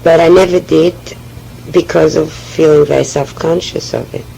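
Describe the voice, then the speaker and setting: A woman with a French accent, speaking haltingly and often restarting as she tells her personal oral history. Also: sits low, fairly even intonation, creaky, warm tone, slight background noise, rough recording. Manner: hesitant, halting, with frequent restarts. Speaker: memoir speaker.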